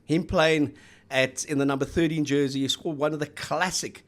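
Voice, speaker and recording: A man's voice: a little high, steady tone, moderate pace, a bit bright. A South African man co-hosting a casual rugby chat, telling rambling stories with fillers. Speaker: co-host.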